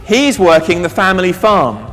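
A man preaching a sermon, telling a Bible story with lively asides and questions to the congregation. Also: sits high, moderate pace, soft background music. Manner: animated storytelling, reads scripture aloud, asks the congregation questions. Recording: long reverb of a large hall.

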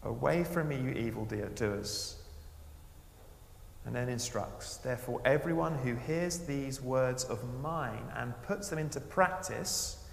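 A man preaching a sermon, swinging between raised emphasis and quiet, hushed asides. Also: medium pitch, slow, gravelly, echoey room, in a large hall, slight background noise.

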